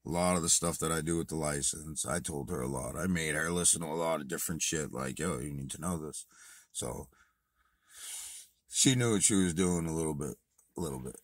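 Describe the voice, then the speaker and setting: A man casually telling a profane story to camera, swinging from low muttering to loud outbursts. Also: brisk, no room sound. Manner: profane, animated retelling, swings from muttered to shouted. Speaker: vlogger.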